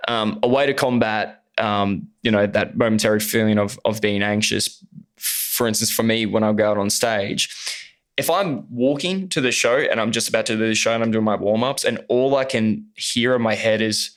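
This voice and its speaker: A man's voice: fairly low pitch, fairly even intonation, normal speed. A man, an actor speaking as a podcast guest, talking earnestly and openly in casual conversation with plenty of fillers. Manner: earnest and open, many fillers.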